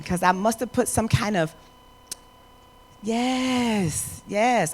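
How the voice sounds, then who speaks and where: A middle-aged woman giving a motivational talk to an audience. She speaks emphatically and conversationally, moving from soft asides to loud declarations. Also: lowish voice, vocal fry.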